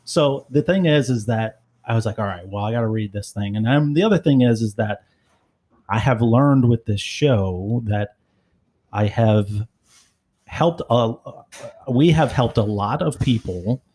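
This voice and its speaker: A man's voice: mid-range voice, unhurried, darkish tone, breathy edge. Podcast guy rambling along, uh and um everywhere, dry jokes. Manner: rambling, many fillers, wry. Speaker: podcast co-host. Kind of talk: casual chat.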